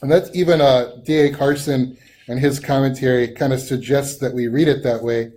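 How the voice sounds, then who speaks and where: Man teaching a relaxed Bible study. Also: mid-range voice, normal speed. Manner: relaxed, thinks aloud with frequent ums and restarts. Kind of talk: conversational teaching.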